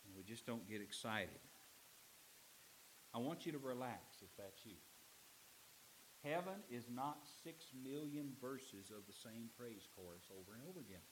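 A middle-aged man preaching a sermon as pastor. He swings from loud, emphatic lines to low, quiet ones. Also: animated, measured pace, pauses often, slight background noise, low-quality recording.

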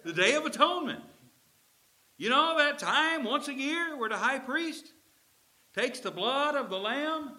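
A man's voice: very high voice, lively intonation, unhurried, sharp tone, voice pushed up, full character voice. A man voicing Jesus as an earnest, emphatic teacher who coaxes and urges his followers. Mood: urging. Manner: urgent, emphatic, coaxing.

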